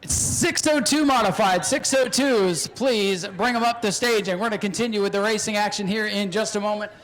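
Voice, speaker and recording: A man announcing a live race and interviewing drivers at an outdoor speedway, excited and shouting during the action, joking between interviews. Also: sits high, a little fast. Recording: noisy outdoor racetrack.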